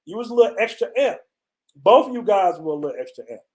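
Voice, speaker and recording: A man from the United States tells his viewers a story in a casual, slangy way, dropping "man" and "bro" all through it. His voice sits a little higher than most men's. He talks outdoors on a city street. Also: fast talker. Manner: loose, animated retelling with slang and repeated "man" and "bro". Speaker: travel channel host.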